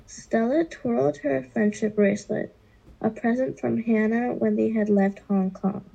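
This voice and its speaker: Woman reading a kids' book, gravelly, husky, slow, deliberate. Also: on the high side, steady tone, dark tone, lo-fi sound. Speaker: reader. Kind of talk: reading a children's novel aloud.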